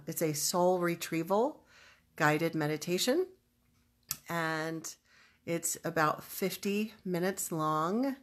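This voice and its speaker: A woman spiritual teacher guiding listeners through a calm energy exercise, speaking slowly and stressing spoken declarations. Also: low-pitched. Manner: slow, soothing, emphatic declarations. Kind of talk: guided energy practice instruction. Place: home, livestreamed online event. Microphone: webcam or computer mic.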